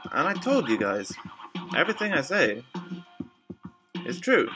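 A man's voice: fairly high pitch, huge pitch swings, unhurried, poor audio. A young man, a rapper, rants in a rambling, profane and defensive vlog monologue. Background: music.

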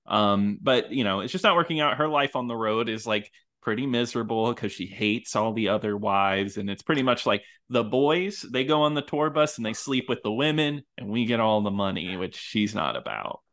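A man's voice: fairly low pitch, lively intonation, moderate pace, few pauses, a bit bright. A man co-hosting a podcast, chatting casually about a film, often laughing between his thoughts. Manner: laughs often, lots of ums and likes. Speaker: podcast co-host. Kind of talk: casual chat about a movie.

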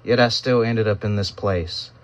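A man's voice: lowish voice, steady tone, normal speed, dry recording, close to an everyday voice. A man voicing a rueful, ironic male rescuer. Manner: dry, ironic, practical. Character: weary rueful male survivor, a rescuer digging from above. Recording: dull lo-fi recording.

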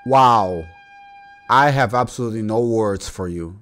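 A man giving gameplay commentary, exasperated, swearing and loudly exclaiming at the game. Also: fairly low pitch, moderate pace. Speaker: gamer.

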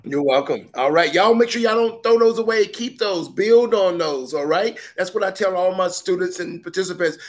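High-voiced encouraging man. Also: moderate pace, few pauses. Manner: lively, encouraging, repeats phrases. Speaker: workshop presenter. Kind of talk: encouraging workshop facilitation. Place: conference workshop room.

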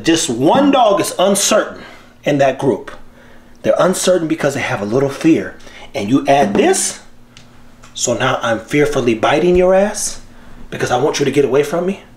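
Animated, slangy man with a lively voice. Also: mid-range voice, slight background noise. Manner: animated, slangy, laughs often. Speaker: dog breeder and channel host. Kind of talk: casual talk to camera.

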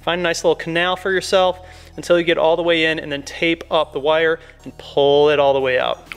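A man's voice: fairly high pitch, level tone, fairly quick, clear, resonant tone. Chatty young man narrating a car install. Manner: chatty, upbeat, addresses viewers as guys. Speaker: car modification vlogger. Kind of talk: casual step-by-step install tutorial. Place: inside a car while working on it.

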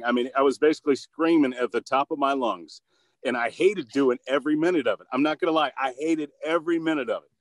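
In a casual interview, a voice actor and commercial producer talks about his voice-acting work with easy, goofy, upbeat energy, piling up fillers and restarts. His mid-range voice comes through on a dry, close recording.

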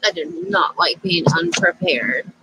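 Chatty, bright-voiced woman crafting at home. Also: fairly low pitch, unhurried, slight background noise, poor audio. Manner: rambling and chatty, easily sidetracked. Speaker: craft vlogger. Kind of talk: casual crafting chat to camera.

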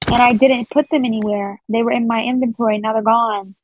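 A woman's voice: fairly high pitch, steady tone, fairly quick, a crowd in the background. A woman co-hosting a casual gameplay chat, teasing and chatty and laughing often. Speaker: gaming channel co-host.

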